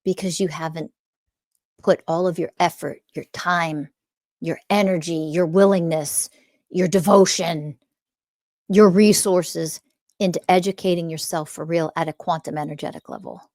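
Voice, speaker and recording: A woman's voice: fairly low pitch, fairly even intonation, normal speed, a little mellow, no room sound, clean studio sound. A woman hosting a podcast as a spiritual teacher, ranting bluntly with frequent swearing and scornful asides. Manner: profane, emphatic and scornful, mocking voices in quotes.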